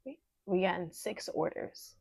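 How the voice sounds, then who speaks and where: Woman, casual vlog talk, emotional and teary, low voice with vocal fry. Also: animated, measured pace, dry recording. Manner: emotional, teary, talks softly at times. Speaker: small business owner vlogger.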